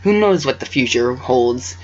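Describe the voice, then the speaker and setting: A man voicing a gentle, regal female pony princess in a fan story reading. He speaks fondly and formally, and he sometimes trips over the words. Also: medium pitch, expressive, a little slow. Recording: dull lo-fi home recording.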